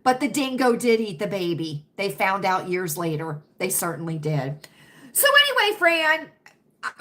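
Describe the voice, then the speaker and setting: A woman's voice: high voice, sing-song, moderate pace, bright, forceful tone. An American woman hosting a casual livestream chat, talking dramatically to her viewers and calling them friends. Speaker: livestream host.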